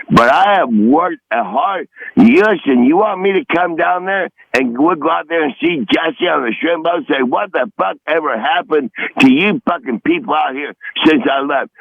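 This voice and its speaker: A gravelly older man in his sixties rants, combative and foul-mouthed, jumping from one grievance to the next. His voice has a rough, fried edge. It comes through dull and dry, like a muffled phone line. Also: mid-range voice, a bit bright, no echo. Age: 60s. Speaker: regular comedic guest. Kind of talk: profane rant on a phone-in podcast.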